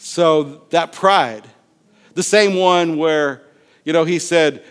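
A man with a fairly high voice preaches in a drawl. He is lively and conversational, and he jumps into character voices to act out the Bible stories he tells. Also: takes it slowly, clear, resonant tone. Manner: animated, acts out Bible scenes with voices and laughter. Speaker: pastor. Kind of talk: sermon.

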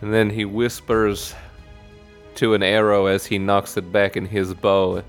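A man's voice: lowish voice, little pitch movement, unhurried, soft background music. A man playing in a tabletop game, narrating his character's actions with teasing, crude humor. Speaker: player.

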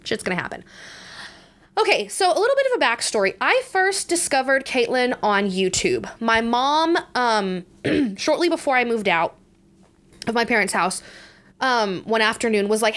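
A woman's voice: fairly high pitch, animated, normal speed, fairly bright tone. A young woman hosting a casual book review podcast, chatty and congested, with many fillers and restarts and frequent laughter. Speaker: podcast host.

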